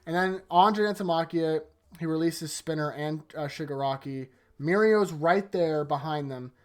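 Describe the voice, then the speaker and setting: A YouTuber giving a casual, rambling manga chapter review late at night, tired, leaning on "like" a lot and often trailing off into a quieter voice. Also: medium pitch, moderate pace. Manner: rambling, heavy use of "like", sentences often trailing off softer. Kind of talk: casual video commentary.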